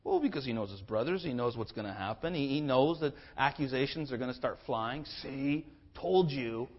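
A man preaching a sermon with impassioned swings in pitch and loudness, sometimes acting out the speakers in his text in a conversational voice. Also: animated, brisk, lo-fi sound. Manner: acts out biblical speakers in a conversational voice. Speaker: pastor.

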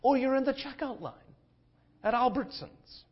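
A pastor preaching a sermon, shifting between hushed passages and forceful declarations. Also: male voice, extremely high pitch, expressive, moderate pace, breathy edge. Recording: dull lo-fi sermon recording.

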